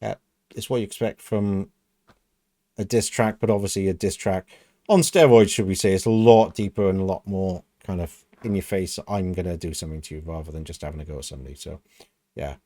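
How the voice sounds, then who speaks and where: A man's voice: deep voice, brisk, dark tone, no room sound, studio quality. A man hosting a music reaction video, thinking aloud in a casual, musing way with frequent "kind of" and "you know". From United Kingdom.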